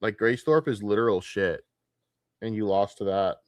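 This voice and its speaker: A man's voice: fairly low pitch, moderate pace, dry recording, studio quality. A man streaming late at night, ranting with a lot of profanity and getting easily distracted.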